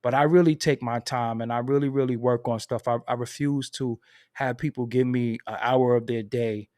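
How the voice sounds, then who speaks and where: Dude ranting on his stream, aave, goes from low mumbles to squeaky high, dry close mic. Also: normal speed, dry recording. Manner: animated venting, swings from low mutters to high outbursts. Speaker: commentary channel host. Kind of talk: casual livestream commentary.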